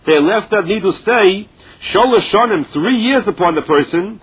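Husky-voiced man teaching Talmud, lo-fi. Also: high voice, expressive. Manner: chants source text slowly, then explains in plain English. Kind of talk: Talmud lesson, translating Aramaic into English. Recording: dull, lo-fi recording.

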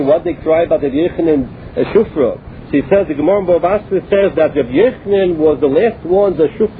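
A man teaching a Talmud class. He reads each phrase of the text and then explains it in plain English. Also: on the high side. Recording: tinny phone line with faint noise.

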